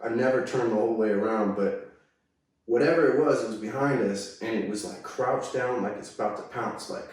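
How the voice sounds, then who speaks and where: A man's voice: medium pitch, fairly quick, darkish tone. A man from California telling a story in a casual, slangy way, often saying "dude" and "like.". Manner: laid-back slangy talk full of "dude", "like" and "right?". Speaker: guest. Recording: very echoey, mic far away.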